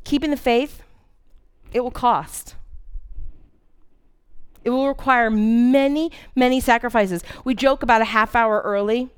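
A woman's voice: fairly high pitch, steady tone, measured pace, pauses often, smooth. A woman in her forties preaching a sermon, earnest and candid, telling a personal story with dramatic emphasis. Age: 40s.

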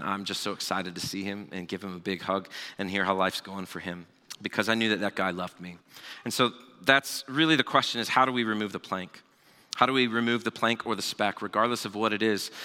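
A man in his thirties preaching a sermon, telling a personal story in a relaxed conversational way with asides. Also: lowish voice. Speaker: pastor. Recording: long hall reverb.

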